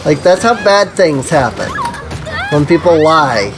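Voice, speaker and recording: Live-stream gamer, casual rambling chatter, slow drawl, irritated coughing throat, game music playing behind. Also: mid-range voice, animated, low-quality recording. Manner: rambling, heavy use of "like".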